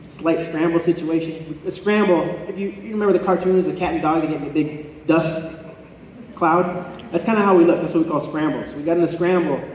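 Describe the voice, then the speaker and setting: A man's voice: on the high side, fairly even intonation, a little fast, darkish tone, slight background noise. Young man telling his story in an echoey hall. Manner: earnest, personal storytelling with light self-deprecating humor. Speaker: motivational speaker. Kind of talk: storytelling speech to an audience. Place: large hall before an audience. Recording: echoey hall recorded from far off.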